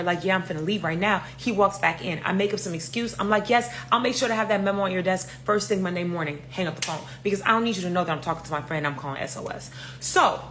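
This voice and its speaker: A young woman tells a story in a casual, animated way, swearing freely and talking directly to her viewers. Her voice sits at a middle pitch. A faint hum runs under the recording. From New York. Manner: animated, profane, talks straight to viewers.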